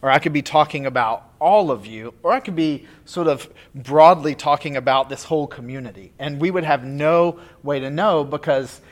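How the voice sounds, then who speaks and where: A man preaching a relaxed, conversational sermon, chatty and full of fillers and restarts. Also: on the high side, moderate pace, few pauses. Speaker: pastor.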